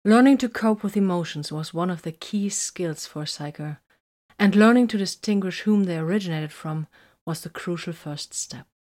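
A woman narrating a story in an even, measured reading. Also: fairly low pitch. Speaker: audiobook narrator. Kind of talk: scripted narration.

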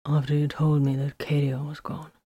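A woman reading a storybook, voicing a sarcastic, wounded young male soldier who mumbles low. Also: little pitch movement, measured pace, darkish tone.

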